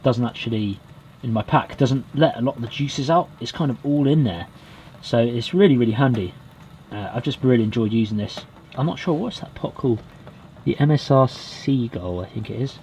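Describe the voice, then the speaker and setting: A man from Britain vlogging from a small wood cabin with a stove, chatting in a relaxed way and talking straight to his viewers. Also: medium pitch, normal speed, slight background noise. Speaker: outdoors vlogger. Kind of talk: casual vlog to camera.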